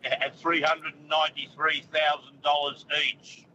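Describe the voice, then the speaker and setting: Australian man, radio caller, bright forceful voice, grumbling, dull phone line, faint hiss. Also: on the high side, level tone, measured pace. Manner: grumbling, blunt, complaining about government. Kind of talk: talkback radio call. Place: in a car.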